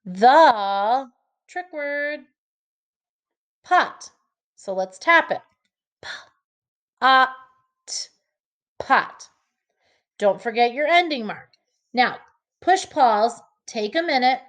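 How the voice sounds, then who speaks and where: A woman teacher giving an early reading lesson to children, slowly sounding out each letter and word. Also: on the high side, lively intonation.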